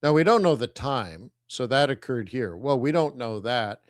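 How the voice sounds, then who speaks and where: A middle-aged man hosts a live trading stream in an energetic, teasing manner. His voice sits at a medium pitch. The recording is dry, with no room echo. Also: moderate pace. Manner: energetic, teasing, talks to viewers as kids. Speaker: forex trading host.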